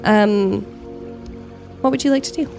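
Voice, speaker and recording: Lady gm narrating a tabletop game, lots of ums, pausing to correct herself. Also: medium pitch, darkish tone, soft background music. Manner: descriptive, with frequent ums and self-corrections. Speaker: game master.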